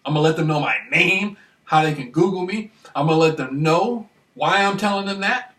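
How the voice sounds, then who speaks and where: A man recording a rambling, excited monologue, repeating himself and often asking if you follow him. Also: fairly high pitch, fairly quick, echoey room, recorded from a distance. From Michigan, United States. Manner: excited, repetitive, keeps asking "you know what I mean". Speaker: vlogger.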